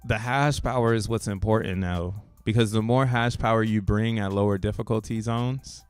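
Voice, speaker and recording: A man's voice: fairly low pitch, fairly even intonation, moderate pace, clean tone, dry recording, faint music behind. A man hosting a crypto channel who talks casually over a chart, slangy and rambling and laughing between points. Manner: rambling, restarts thoughts mid-sentence.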